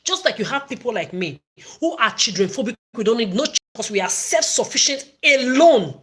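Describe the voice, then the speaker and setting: A woman's voice: fairly high pitch, expressive, a little fast, fairly bright tone. A woman delivering an angry, accusatory livestream rant, repeating herself as she goes. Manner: ranting, accusatory, repetitive.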